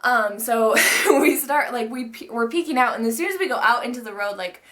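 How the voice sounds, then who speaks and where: A woman's voice: fairly high pitch, animated, a little fast, fairly bright tone. Chatty young woman telling a story. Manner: chatty, swears often, many likes and restarts. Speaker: vlogger. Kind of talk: casual storytime monologue.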